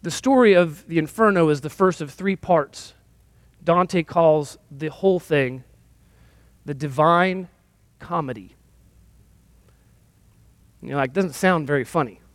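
A man's voice: on the high side, takes it slowly, long pauses, no room sound. A male pastor giving a sermon in a conversational, self-deprecating storytelling manner.

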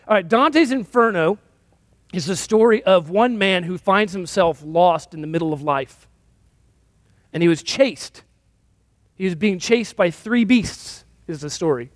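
A man's voice: high voice, measured pace, no echo. A male pastor giving a sermon in a conversational, self-deprecating storytelling manner.

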